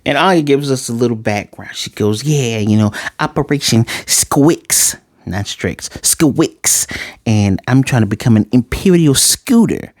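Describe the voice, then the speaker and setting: A man casually reviewing an anime episode, joking asides and quickly paraphrasing the characters' lines. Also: medium pitch, lively intonation, a little mellow, no room sound, studio quality. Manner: chatty, joking asides, paraphrases scenes in quick quoted voices. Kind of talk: casual spoken episode recap.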